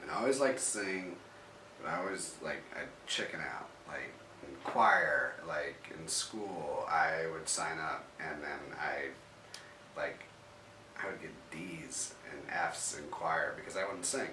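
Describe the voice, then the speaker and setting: A man's voice: rumbling low, measured pace, noisy background. Rambling man in an echoey room. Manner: rambling, full of "like" fillers and restarts. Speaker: interviewee telling his story. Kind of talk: casual storytelling. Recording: roomy echo, mic at a distance.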